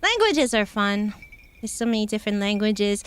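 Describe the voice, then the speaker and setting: A woman's voice: medium pitch, sing-song, a little slow, pauses often, a bit bright, clear, resonant tone. A young woman streamer chatting casually with her viewers, rambling with lots of fillers and frequent giggles. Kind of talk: casual chat with chat.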